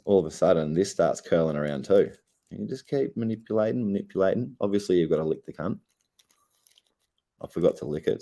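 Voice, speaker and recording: A man's voice: very deep voice, mellow. A young Australian man, stoned and laid-back, rambling and swearing heavily in a casual livestream chat. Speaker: streamer.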